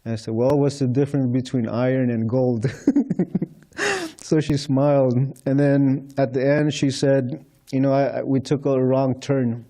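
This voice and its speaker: A temple speaker addresses a congregation in a temple hall with a storytelling talk, recounting anecdotes and conversations while chuckling lightly. The man's voice is medium-pitched, level and mellow, moving at a moderate pace.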